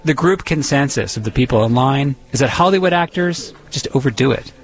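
A man's voice: mid-range voice, lively intonation, brisk. A man from the Boston area, narrating a radio feature in a conversational, lightly wry tone. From Boston area, USA. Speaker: radio reporter and host.

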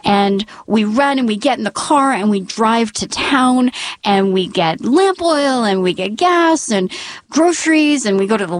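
A woman's voice: mid-range voice, dry recording. Woman telling a tense story, dry sound. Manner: dramatic, drops into hushed whispers for suspense. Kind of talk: personal story told to an audience.

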